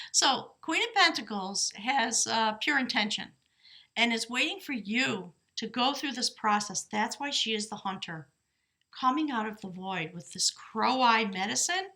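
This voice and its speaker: A woman's voice: fairly high pitch, lively intonation, measured pace, pushed and bright. A woman giving a casual tarot reading from her desk at home, chatty and laughing often, breaking off to question her spirit guides and correcting herself mid-sentence. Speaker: tarot reader. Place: desk in a small house by an open door.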